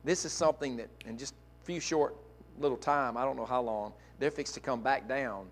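A male pastor preaching a sermon, dropping to quiet asides and climbing to loud, emphatic peaks. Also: normal speed. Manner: swings from soft asides to loud, high-pitched emphatic preaching.

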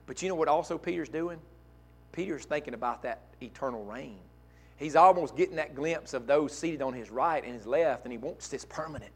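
A male pastor preaching a sermon, dropping to quiet asides and climbing to loud, emphatic peaks. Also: a little fast, slightly rough. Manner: swings from soft asides to loud, high-pitched emphatic preaching.

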